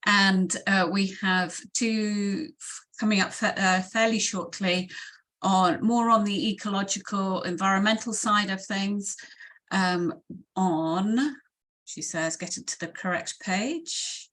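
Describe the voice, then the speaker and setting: A woman's voice: medium pitch, slow. Woman hosting a webinar Q&A. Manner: polite, warmly thanking, slightly rambling. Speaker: webinar host.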